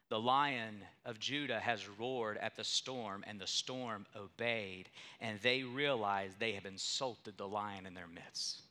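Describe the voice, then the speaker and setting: Young male pastor, very bright tone, emphatic storytelling sermon delivery. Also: on the low side. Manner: storytelling, emphatic with rising intensity.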